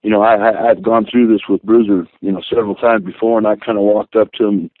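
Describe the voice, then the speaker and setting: An older man, a guest and former wrestler, telling rambling, animated stories with many restarts. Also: lowish voice, fast talker, no room sound. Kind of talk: storytelling interview. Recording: tinny phone line.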